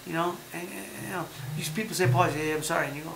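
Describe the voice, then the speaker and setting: A man hosting a casual chat show, talking in an animated, emphatic way and repeating his points. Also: on the high side, racing, gravelly, few pauses, echoey room, music in the background, rough recording. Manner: talks about having been a fighter. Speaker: podcast host.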